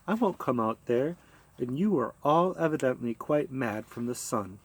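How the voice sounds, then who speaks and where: A man's voice: medium pitch, animated, normal speed, poor audio. A man voicing a suspicious middle-aged small-town housewife who answers strangers curtly. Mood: snappish. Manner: curt and suspicious.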